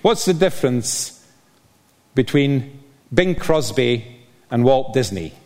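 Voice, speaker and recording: An older man from Scotland with a softened Scottish accent, preaching a sermon as a visiting speaker, with frequent "uh" fillers and a self-deprecating manner. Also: medium pitch, animated, takes it slowly. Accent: Scottish, softened by years in England. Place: church. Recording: long reverb of a church hall.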